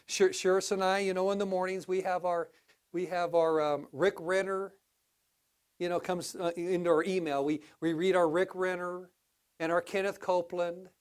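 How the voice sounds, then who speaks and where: A man preaching a sermon in a church, animated, with sudden rises to exclamations, drops to low asides, and frequent restarts. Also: smooth. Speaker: pastor.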